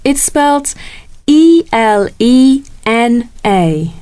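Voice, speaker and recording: A woman reading lines in a scripted textbook dialogue, introducing herself and spelling her name slowly and clearly. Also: a little high, lively intonation, mellow, no echo. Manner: slow, deliberate, clearly spelled delivery. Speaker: lesson dialogue reader.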